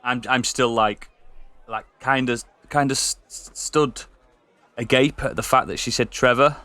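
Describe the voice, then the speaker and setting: A man's voice: mid-range voice, fairly even intonation, a little slow, bright, forceful tone, no room sound. A man playing in a tabletop game, describing his moves with stammers and hesitations. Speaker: player. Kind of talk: casual game talk.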